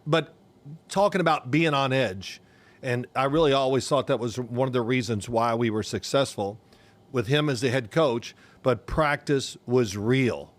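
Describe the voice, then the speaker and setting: An older man co-hosting a casual sports podcast, an animated storyteller who acts out the voices of people he quotes. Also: medium pitch, measured pace. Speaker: podcast co-host, former quarterback.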